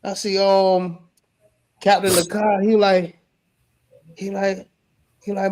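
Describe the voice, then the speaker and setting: A young man telling a story in casual chat, slangy and animated, acting out the shouts he heard. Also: high-pitched, slow pace, pauses often. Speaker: member recounting an event.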